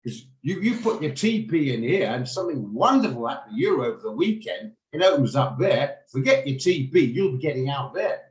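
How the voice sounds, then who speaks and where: A man with a hoarse, gravelly voice teaching a live online trading lesson, explaining things patiently and often repeating or restarting words. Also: mid-range voice, sing-song, brisk, few pauses. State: hoarse, gravelly voice while recovering. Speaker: trading instructor. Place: home room on a video call. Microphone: video call microphone. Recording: echoey room on a video call.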